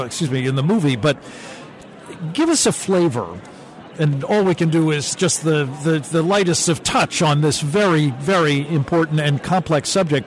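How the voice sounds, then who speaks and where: A man hosting a radio interview at a convention, speaking deliberately with frequent pauses. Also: fairly high pitch. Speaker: radio host. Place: radio row at a political convention.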